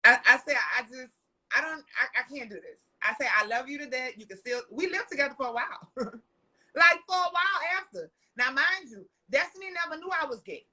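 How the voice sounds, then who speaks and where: A woman tells stories as a podcast guest. Her voice sits high and sounds bright and forceful. She talks loudly and animatedly, swearing freely and breaking into laughter. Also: a little fast. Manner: loud, animated and profane, laughing often. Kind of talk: casual storytelling chat.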